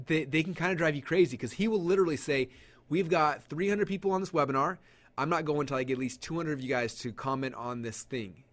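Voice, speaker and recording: Fast-talking man running a webinar. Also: mid-range voice. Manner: animated, acts out audience quotes, lots of fillers. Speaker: webinar presenter. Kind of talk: live webinar teaching.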